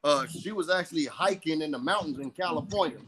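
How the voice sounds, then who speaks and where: A man's voice: on the high side, fairly quick, a crowd in the background, poor audio. A man in his forties hosting a casual group call, laid-back and stammering, cursing freely. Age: 40s. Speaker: host. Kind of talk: casual online group chat.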